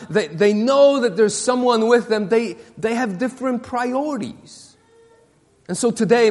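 Pastor guy, high voice, stumbles and repeats himself a lot, church sermon w/ long echo. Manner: halting, repeats words, many fillers. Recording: long reverb of a hall.

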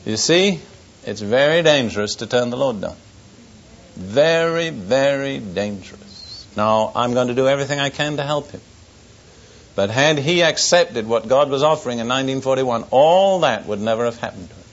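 Older preacher telling a wry war story. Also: male voice, mid-range voice, animated, a little fast. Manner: storytelling, dry humor, earnest warnings. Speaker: pastor. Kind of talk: sermon testimony. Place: church service before an audience. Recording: dull lo-fi recording.

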